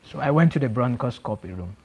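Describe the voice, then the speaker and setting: A young man giving an earnest personal faith testimony, halting and repeating himself, with many "you know"s. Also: mid-range voice, expressive, dark tone, slightly rough. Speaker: testimony speaker.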